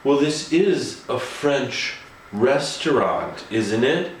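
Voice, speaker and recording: A man voicing a snooty older woman in her fifties or sixties, haltingly faking French and talking down to people. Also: mid-range voice, lively intonation, darkish tone, a little hiss or hum, natural voice. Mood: haughty. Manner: haughty, hesitant fake French. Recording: echoey room, faint ambience.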